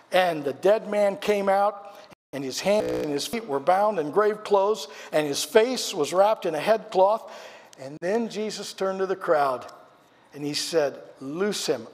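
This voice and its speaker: A man with a high voice preaches a sermon as pastor, in a hall with a long echo. He tells a story dramatically and puts questions to the congregation. His voice climbs for shouted quotes and sinks low to drive a point home. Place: church sanctuary. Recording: church hall with long reverb.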